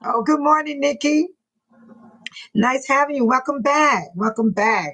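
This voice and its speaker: A woman with a high-pitched, fairly bright voice hosts a casual live stream at a measured pace, greeting viewers by name and reading their comments aloud while often laughing and teasing. The recording is rough.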